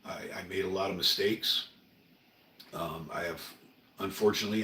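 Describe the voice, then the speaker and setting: Brief: middle-aged man, low and earnest, talking a bit off-mic in a roomy home room. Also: moderate pace, pauses often, pushed and bright, recorded from a distance, slight background noise. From Oregon, USA. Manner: earnest, rambling, emotional. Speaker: livestream host. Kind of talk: casual livestream monologue.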